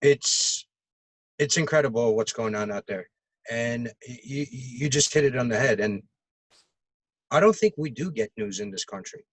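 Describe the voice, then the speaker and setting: A man with a medium-pitched voice pushes his points in a rambling, opinionated way. He leans on fillers as he goes. The recording is dry and close. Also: lively intonation, moderate pace, no room sound, rough recording. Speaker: podcast co-host. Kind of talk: casual political chat.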